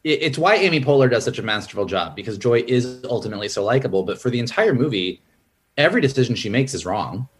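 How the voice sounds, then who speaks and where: A man in casual film talk, a screenwriter who acts out character lines in a raised, lively voice. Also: fast talker. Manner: animated, acts out character quotes in a higher voice. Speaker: screenwriter and podcast guest.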